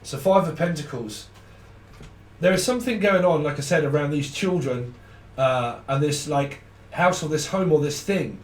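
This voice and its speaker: A rambling, profane man reads tarot cards in a loose, chatty way, laughing as he goes. His voice sits a little high for a man. He is heard from a short way off the mic in a roomy, echoing space. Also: normal speed, far from the mic, slight background noise. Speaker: tarot reader. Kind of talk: casual unscripted tarot reading.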